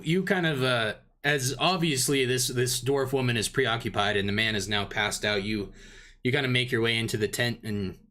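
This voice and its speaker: A man's voice: fairly low pitch, sharp tone. A man running a tabletop game as dungeon master, narrating in a rambling way with many fillers.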